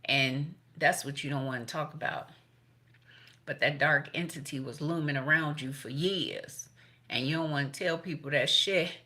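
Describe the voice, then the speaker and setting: A woman's voice: sits low, moderate pace, bright, forceful tone. A woman doing a casual tarot reading, blunt and profane, laughing between points. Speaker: tarot reader.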